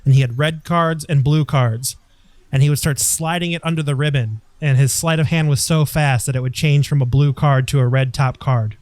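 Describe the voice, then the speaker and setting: A man's voice: mid-range voice, darkish tone, no room sound. A man co-hosting a podcast, telling a story with enthusiasm in casual chat. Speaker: podcast co-host.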